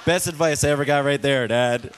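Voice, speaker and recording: A man's voice: mid-range voice, fairly quick, a little hiss or hum. A man hosting a cruise ship talent show on stage, a joking, teasing showman working the crowd. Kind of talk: live stage emcee patter.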